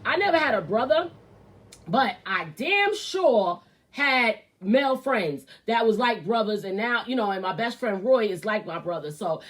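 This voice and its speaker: A woman's voice: fairly high pitch, lively intonation, a little slow. A woman hosting her own show, giving blunt, profane and heated commentary on celebrity gossip. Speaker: host. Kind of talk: ranting commentary.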